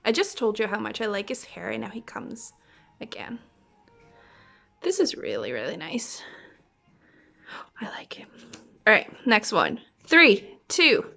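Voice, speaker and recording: A woman's voice: mid-range voice, very animated, unhurried, gravelly, sharp tone, faint music behind. A young woman chatting through an unboxing vlog, gasping and counting down before each reveal and often dropping into a whisper. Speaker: vlogger unboxing albums. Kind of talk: excited unboxing vlog chat.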